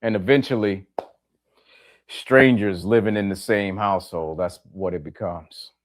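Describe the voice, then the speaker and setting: Slow low-voiced man talking to listeners. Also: steady tone. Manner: plainspoken, repeats key phrases for emphasis, asks listeners direct questions. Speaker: podcast host. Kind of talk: reflective monologue to listeners.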